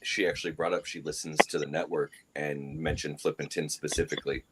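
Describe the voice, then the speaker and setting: A man's voice: extremely low pitch, little pitch movement, a little fast, fairly bright tone, low-quality recording. A man co-hosting a podcast in casual chat, dropping dry teasing remarks. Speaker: podcast co-host.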